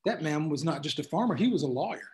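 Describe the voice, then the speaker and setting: Man reading balloon pilot, polite then wry, light, slightly high. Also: expressive, fast, a little mellow, lightly acted. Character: adult male hot air balloon pilot.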